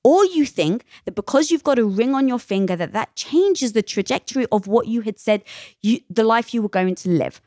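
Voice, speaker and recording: A middle-aged woman talking candidly as a podcast guest, emphatic and animated, often acting out quoted voices. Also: a little high, moderate pace, dry recording, clean studio sound. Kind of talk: candid interview talk.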